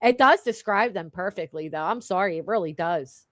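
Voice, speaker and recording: A woman's voice: fairly low pitch, moderate pace, fairly bright tone, no room sound, clean studio sound. A woman hosting a stream, chatting casually in a mocking tone and laughing often. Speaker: stream host. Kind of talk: casual commentary chat.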